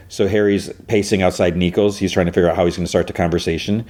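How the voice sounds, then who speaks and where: Deep-voiced man rambling through a recap. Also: fairly even intonation, quick pace, a little mellow. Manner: rambling, chatty, with fillers. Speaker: podcast host. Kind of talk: casual episode recap.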